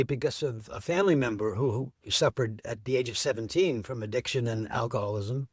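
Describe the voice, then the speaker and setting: A middle-aged man, appearing as an interview guest, enthusiastically recounts how he built an event. His voice is medium-pitched, and the studio-quality recording has no echo.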